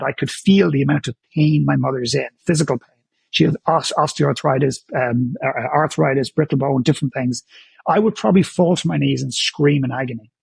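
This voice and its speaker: A man's voice: on the high side, vocal fry, a little mellow, slightly rough, dry recording. A man who is a guest on an interview show, talking candidly in a blunt, emphatic way and often stammering as he restarts his sentences. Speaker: guest, author and speaker.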